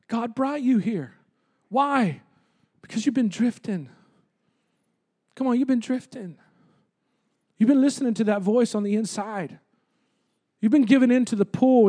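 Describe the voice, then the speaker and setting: A man's voice: very high voice, warm tone. A man preaching a sermon as pastor, with impassioned, emphatic repetition.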